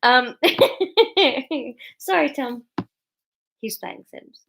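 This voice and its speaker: A woman's voice: sits high, animated, extremely slow, gravelly, a bit bright. A woman a little tipsy from wine, talking in a loose, rambling, giggly way. She chats casually from home on a livestream and then reads her own story aloud. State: a bit tipsy. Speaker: comedian and author reading her serial story.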